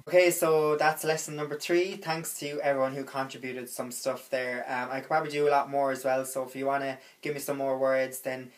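A young woman with a Cork accent talks casually to camera, explaining slang. Her speech is chatty and loose, filled with "like", at an average pitch with faint music behind her. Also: level tone, fairly quick, few pauses. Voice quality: chatty, filler-heavy with frequent "like". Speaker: vlogger. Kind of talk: casual slang lesson vlog.

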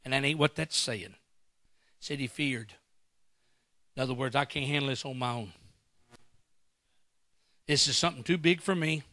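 A man preaching a sermon as a guest pastor in a church, swinging into loud bursts and acting out quotes. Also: mid-range voice, moderate pace, long pauses, no room sound.

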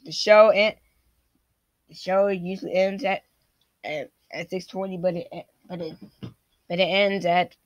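A man hosting a casual reaction video, excitable and often stumbling over and repeating his words. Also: high voice, dry recording, studio quality.

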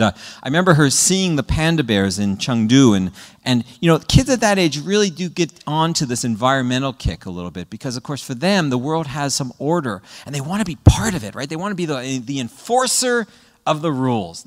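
A man giving a public talk to parents, an animated storyteller who often checks in with "right?" and acts out what children say. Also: fairly high pitch, big-room sound. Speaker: guest speaker. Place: presentation hall.

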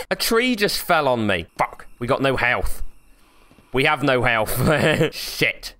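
A man's voice: medium pitch, takes it slowly, very noisy. A young man commentating a horror game, swearing freely, joking, and yelping when startled. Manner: swearing, excitable, jokey, yelps when startled. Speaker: gaming YouTuber.

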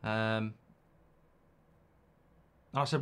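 Male streamer, middle-aged, chatty and opinionated, lively pitch that jumps around. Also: moderate pace. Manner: rambling and opinionated, many restarts. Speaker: football watchalong host. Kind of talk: casual live-stream chat reading viewer comments.

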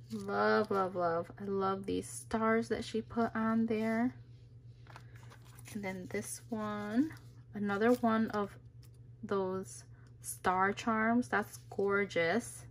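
Slow, gushing woman crafting vlogger. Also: medium pitch, slight background noise. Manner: gushing, exclamatory, excited. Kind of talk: happy mail unboxing vlog.

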